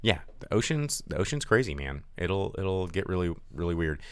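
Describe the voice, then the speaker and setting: Rambling, animated low-voiced man. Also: normal speed, clear, resonant tone, no room sound. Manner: rambling, animated, many fillers and restarts. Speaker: podcast host. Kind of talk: casual movie review chat.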